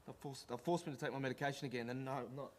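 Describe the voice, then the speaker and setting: A man's voice: mid-range voice, steady tone, very fast, a little hiss or hum, lightly acted. A man playing a frightened, paranoid man off his medication, agitated and stammering, repeating himself. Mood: fearful.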